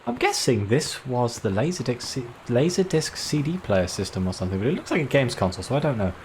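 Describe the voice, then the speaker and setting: A man's voice: medium pitch, very animated, fast, a little hiss or hum. A man giving let's play commentary, chatty and self-deprecating, reading notes aloud as he explores. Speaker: video game player.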